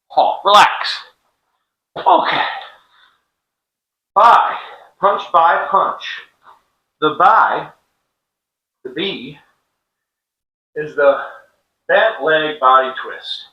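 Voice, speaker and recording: This middle-aged fitness instructor talks extremely slowly with long pauses, his fairly high voice expressive and slightly rough. Casual and joking, he demonstrates an exercise drill and calls cadence counts into a clip-on mic, with the high frequencies cut off.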